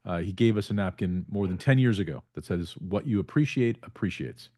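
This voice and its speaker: A man's voice: deep voice, lively intonation, fairly quick, dark tone, no echo, studio quality. A man hosting a podcast interview, casual and appreciative of his guest. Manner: upbeat, appreciative. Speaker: podcast host.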